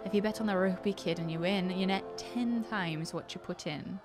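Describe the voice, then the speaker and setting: A woman voicing a sly, folksy male bookie from a role-playing game in an attempted Deep South drawl, over game music. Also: moderate pace, lightly acted. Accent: attempted American Deep South drawl. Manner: drawling, wheedling salesman patter.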